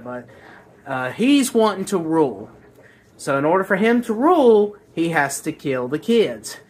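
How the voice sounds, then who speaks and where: A book reviewer rambling casually through a plot, crude and sarcastic, with filler words and restarts. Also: medium pitch.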